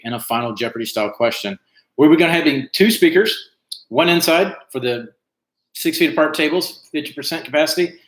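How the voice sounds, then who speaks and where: A man's voice: mid-range voice, fairly bright tone. A man hosting an online trivia night, chatting casually and reading out team names with lots of fillers. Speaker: trivia host. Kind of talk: casual livestream chat. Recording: echoey room.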